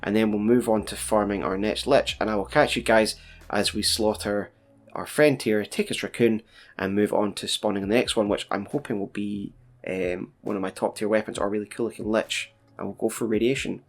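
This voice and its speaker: Gravelly low-voiced gaming commentator. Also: male voice, fairly even intonation, fairly quick. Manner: chatty, laid-back, with frequent fillers and playful asides. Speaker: gaming YouTuber. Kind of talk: casual gameplay commentary.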